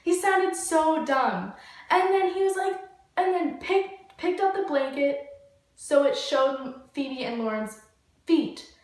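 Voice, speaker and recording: A young woman with a fairly high voice tells a story, rambling along with constant "like"s and casual swearing. She sits back from the mic, so her voice lands in a very echoey room. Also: animated, slow pace, darkish tone, distant mic. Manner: rambling, heavy use of "like" and swearing. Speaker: vlogger.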